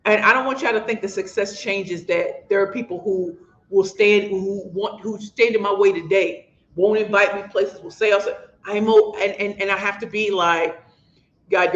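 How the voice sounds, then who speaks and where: A woman author from St. Louis with a St. Louis accent, hosting a motivational livestream in an impassioned, preachy way and calling her viewers y'all. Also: medium pitch. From St. Louis, USA. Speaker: author and host. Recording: echoey, dull lo-fi room sound.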